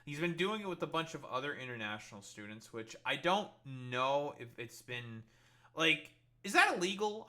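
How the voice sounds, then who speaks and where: A man's voice: fairly high pitch, bright, forceful tone. A young man streaming live commentary, swearing a lot and sounding sarcastic and incredulous. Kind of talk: livestream reaction commentary.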